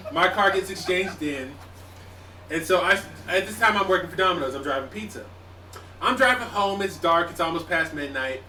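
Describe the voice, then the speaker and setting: A man's voice: sits high, expressive, normal speed, sharp tone. A young man casually telling a story to friends on a podcast, swearing and acting out his own panic. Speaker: podcast co-host. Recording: echoey room, distant mic, faint noise.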